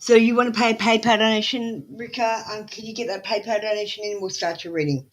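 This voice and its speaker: A woman hosting a live-stream tarot reading, talking in a flat, matter-of-fact tone and bluntly scolding viewers who ignore her instructions. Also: mid-range voice, quick pace.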